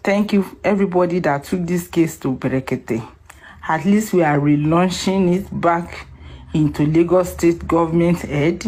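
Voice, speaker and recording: A woman's voice: fairly low pitch, normal speed, dark tone. A woman speaking emotionally in a live audio chat room, singing a song before she talks. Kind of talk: emotional casual talk with singing.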